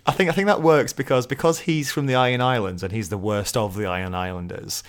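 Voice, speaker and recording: A podcast co-host with a medium-pitched, steady voice talks fast while recapping a show in casual chat. He laughs often and hesitates, filling gaps with fillers.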